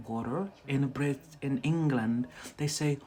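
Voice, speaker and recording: Slow-talking Scottish man teaching English. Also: mid-range voice. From Scotland. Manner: chatty, repeats words slowly for learners. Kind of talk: livestreamed English lesson.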